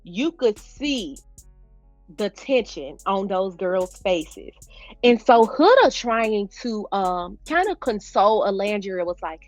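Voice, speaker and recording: A woman's voice: medium pitch, very animated, slow pace, no room sound, soft background music. Chatty woman recapping a TV show, dry sound. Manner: chatty, addresses viewers as "y'all"; informal slangy speech. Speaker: TV recap vlogger. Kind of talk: casual TV recap to viewers.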